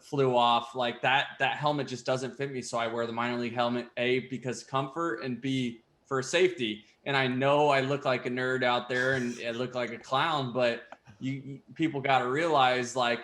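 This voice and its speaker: A man's voice: medium pitch, fairly even intonation, moderate pace, fairly bright tone. Young man laughing through an echoey chat. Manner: chatty, laughs often, lots of fillers. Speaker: guest baseball player. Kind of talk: casual interview chat. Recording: echoey room.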